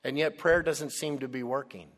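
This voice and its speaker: A man preaching a sermon, dramatic, dropping to a hush and then rising loud. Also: mid-range voice, steady tone, moderate pace. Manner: dramatic, swings from hushed to loud. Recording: long hall reverb.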